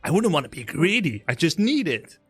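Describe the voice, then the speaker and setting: A man's voice: a little high, very animated, brisk, fairly bright tone, husky, faint music behind. A man with a Dutch accent, talking at length and laughing as a guest in a casual interview. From Netherlands. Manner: talkative, laughing, explanatory. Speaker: guest, streamer.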